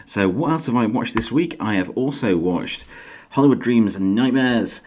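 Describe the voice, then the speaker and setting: A man's voice: moderate pace, slight background noise. A middle-aged man with a faded Yorkshire accent, hosting his own casual vlog in a chatty, self-deprecating way. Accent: faded Yorkshire English. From Yorkshire, England. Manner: chatty, self-deprecating, lively pitch jumps. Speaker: YouTube host and author.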